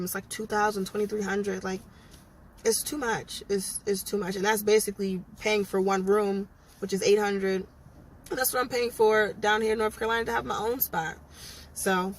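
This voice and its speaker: A young adult woman from Massachusetts, talking frankly in a casual vlog, full of ums and likes. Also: mid-range voice. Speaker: vlogger.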